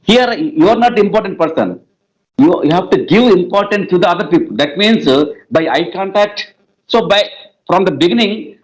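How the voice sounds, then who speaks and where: A man with an Indian English accent, speaking as an English teacher in an interview. His voice sits a little higher than usual. He repeats himself and stacks up similar words, laughing lightly now and then. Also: expressive, normal speed, low-quality recording. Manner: repetitive, piles up synonyms, laughs often. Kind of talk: conversational interview answers.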